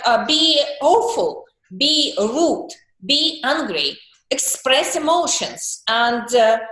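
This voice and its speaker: Slow, earnest woman coach in an echoey room. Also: high voice, fairly bright tone. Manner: slow, earnest, acts out emotions in little voiced monologues. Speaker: group call coach. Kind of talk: coaching talk on a group call. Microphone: video call.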